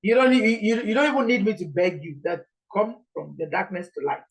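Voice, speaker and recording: A woman's voice: medium pitch, a little fast, poor audio. A Nigerian woman preaching an informal sermon in an earnest, pleading way, repeating her points.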